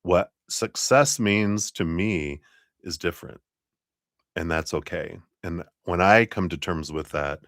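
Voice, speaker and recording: Low-voiced man giving a rambling tarot reading. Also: slow, a bit bright, no room sound, studio quality. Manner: rambling, laughs often, many fillers. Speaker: tarot reader. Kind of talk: casual livestream tarot reading.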